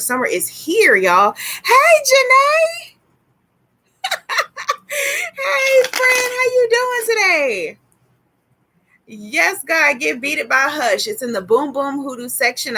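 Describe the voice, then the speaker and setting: A woman hosting a casual tarot livestream, chatty and excitable, greeting viewers by name as she goes. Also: medium pitch. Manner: sprinkles in laughs and exclamations. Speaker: tarot reader and livestream host.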